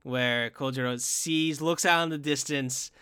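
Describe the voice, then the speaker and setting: A man chatting about a film he loved, his words tumbling out in restarts and fillers. His voice is bright and clear, picked up dry and close. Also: medium pitch, measured pace, no room sound. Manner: excited, rambling with many restarts and fillers. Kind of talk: casual chat reviewing an anime film.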